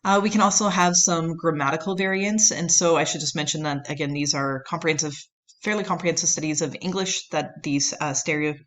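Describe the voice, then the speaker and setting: A woman's voice: low-pitched, fairly even intonation, fairly quick, fairly bright tone. A woman lecturing on anthropology, explaining at length with many fillers and "right?" checks. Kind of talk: recorded lecture.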